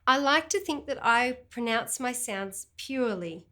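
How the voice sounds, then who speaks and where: A woman's voice: fairly high pitch, lively intonation, a little slow, bright, forceful tone. A middle-aged Australian woman teaching phonics, explaining and then carefully pronouncing letter sounds one by one. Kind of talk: instructional explanation and sound drill.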